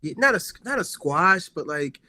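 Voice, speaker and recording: A man co-hosting a wrestling podcast, chatting casually and excitedly, rambling with lots of filler words. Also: high voice, normal speed. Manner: excitable, rambling, heavy use of "like". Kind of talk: casual chat.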